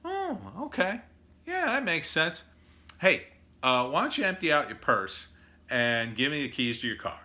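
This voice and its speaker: A man's voice: fairly high pitch, very animated, measured pace, pushed and bright, pitched above the performer's own voice, heavily acted. A man voicing a brazen young male street robber who talks in a cocky, mocking way.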